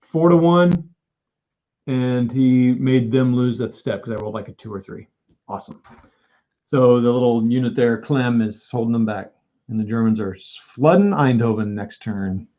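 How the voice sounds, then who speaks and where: A man with a mellow, medium-pitched voice speaks at a normal speed over lo-fi audio. He's live-streaming a board wargame, joking, making fun of himself, and chatting with his viewers in casual commentary.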